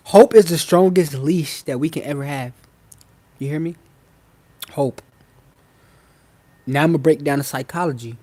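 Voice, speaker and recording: A man runs a live online masterclass in a slangy, informal voice that sits slightly high for a man. He hammers his points through repetition and keeps checking that his listeners are following. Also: normal speed, pauses often, dark tone. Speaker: self-help channel host. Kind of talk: live-stream masterclass lecture.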